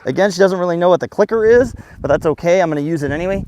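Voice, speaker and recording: Brief: male dog trainer, slightly higher-pitched voice, easygoing explainer, recorded outdoors with faint background noise. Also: rapid-fire. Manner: relaxed explaining, breaking into high excited calls to the dog. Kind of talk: casual outdoor training demonstration.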